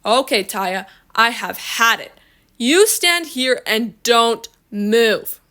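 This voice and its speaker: A woman's voice: a little high, lively intonation, slow, bright, forceful tone, exaggerated voice. A woman reading aloud and voicing a flustered father who scolds in exasperation. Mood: fed up. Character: flustered stern father, adult man.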